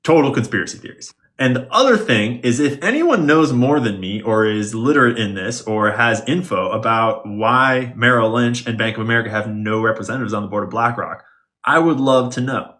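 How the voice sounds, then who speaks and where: A man's voice: mid-range voice, a little fast, fairly bright tone. Man wryly explaining a conspiracy theory. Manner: wry, conspiratorial explaining with sarcastic asides. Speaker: online commentator. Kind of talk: explainer monologue.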